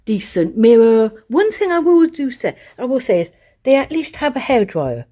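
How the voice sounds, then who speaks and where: Talking to her phone camera from a hotel room, a woman rants with frequent swearing and exasperation, then gives a room tour, all in a casual vlog. Her voice sits on the high side, sing-song and mellow, at a moderate pace.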